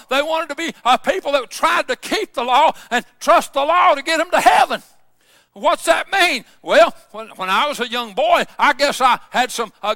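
A pastor delivers an impassioned sermon, his very high voice ringing with a sharp, forceful edge. He peppers his lines with "uh" and keeps pushing toward shouted declarations. The sound is dry and close, with no room echo. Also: vocal fry. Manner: impassioned preaching that swells into shouts, many "uh" fillers. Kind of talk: fervent sermon.

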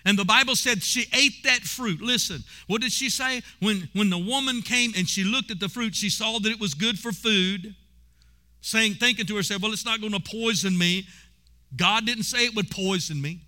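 Bright, forceful preaching man. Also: sits high, normal speed. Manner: preaching with call-and-response, rising to shouts. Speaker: pastor. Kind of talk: sermon.

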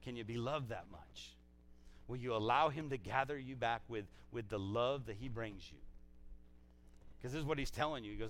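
A man preaching a sermon in a conversational way, repeating phrases and swinging between loud exclaims and soft, low scripture reading. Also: normal speed, long pauses. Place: church service.

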